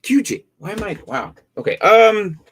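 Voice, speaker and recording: A man's voice: sits high, very animated, normal speed, fairly bright tone, slightly rough. A man hosting a casual live stream, reading viewer questions and thinking aloud with plenty of fillers and repeated words. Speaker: livestream host answering fantasy football questions.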